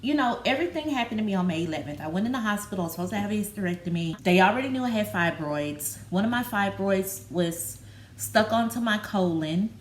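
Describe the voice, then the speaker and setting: A woman speaks in a candid personal vlog, halting and open, leaning on fillers. Her voice sits at a middle pitch. The room is echoey, with a faint background hiss. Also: lively intonation. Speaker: vlogger. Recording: roomy with faint background noise.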